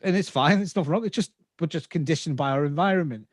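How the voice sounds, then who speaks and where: A podcast guest in his fifties from England, with a slight Scouse accent and a rather high voice, talks fast in studio-quality sound with no room noise. In this casual interview he explains at length and checks in with his listener.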